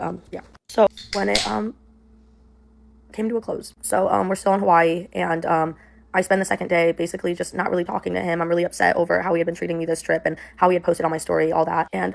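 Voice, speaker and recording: A woman's voice: on the low side, gravelly. A young woman telling a personal story in a casual, rambling way, full of "like" and "um". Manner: rambling, heavy use of "like" and "um". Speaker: storyteller in a played clip.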